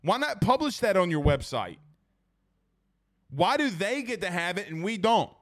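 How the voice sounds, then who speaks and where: A young man hosts a loose sports talk stream, and his voice sits high for a man. He rambles and rants with plenty of fillers, restarts and asides to the chat. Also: sing-song, moderate pace, a bit bright. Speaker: sports talk show host.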